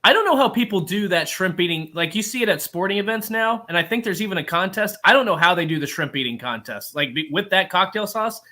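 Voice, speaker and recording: A man's voice: high-pitched, lively intonation, fast, few pauses, sharp tone. A man, a guest on a sports radio show, doing joking play-by-play of the host eating. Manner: playful, laughing, narrating like a play-by-play caller. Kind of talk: mock play-by-play commentary.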